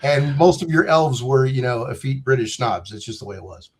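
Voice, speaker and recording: A man's voice: mid-range voice, animated, fairly quick, a little hiss or hum. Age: 50s. Man, rambling game designer. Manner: rambling, joking, digressive. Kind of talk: casual interview chat. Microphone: video call.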